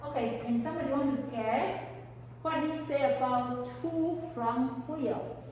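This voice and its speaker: A woman's voice: high-pitched, unhurried, darkish tone, a little hiss or hum. A woman teaching a counseling class, often questioning her students and speaking English with non-native phrasing. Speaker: counseling lecturer. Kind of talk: classroom lecture. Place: lecture room with students. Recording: echoey hall, mic far off.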